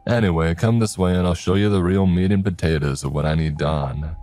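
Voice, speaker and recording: A man's voice: low-pitched, a little fast, dark tone, soft background music, lightly acted. A man voicing a folksy older male client who talks in easygoing country phrases.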